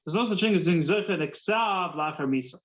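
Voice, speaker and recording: High-voiced rabbi teaching Talmud. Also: male voice, lively intonation, a little fast, dull audio. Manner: mixes Hebrew-Yiddish terms into English, repeats words while thinking. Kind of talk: Talmud class.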